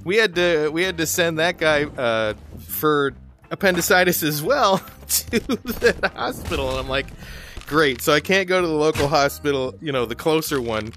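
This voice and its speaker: Chatty, bright-voiced man telling a story. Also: on the high side, expressive, moderate pace, a little hiss or hum. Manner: chatty, laughs often, many restarts. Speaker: gaming video host. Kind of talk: casual storytelling over gameplay.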